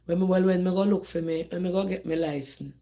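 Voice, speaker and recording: A woman's voice: on the low side, quick pace. Jamaican lady live streaming from her phone, middle-aged, talks straight at viewers, lots of repeats and restarts. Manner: animated, repeats and restarts, addresses viewers directly. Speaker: host of a live call-in discussion. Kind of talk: casual live-stream talk.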